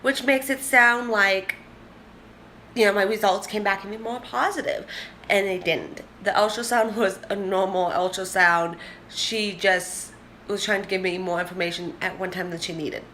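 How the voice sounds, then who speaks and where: A woman's voice: mid-range voice, steady tone, moderate pace, pushed and bright, slight background noise. A young woman in a casual vlog, chatting candidly and rambling to the camera. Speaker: vlogger.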